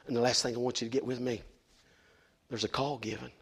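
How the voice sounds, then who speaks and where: A man's voice: mid-range voice, level tone, fast talker, creaky, breathy edge. A middle-aged man preaching a sermon, fervent and emphatic, now and then stumbling over his words. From West Virginia, USA. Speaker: lay preacher.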